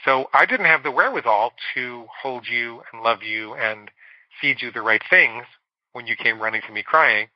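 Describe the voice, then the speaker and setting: A man's voice: mid-range voice, no echo, highs cut off. Candid man telling a personal story. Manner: candid, confessional storytelling with slow emphatic stretches. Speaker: guest psychologist. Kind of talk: storytelling in a podcast interview.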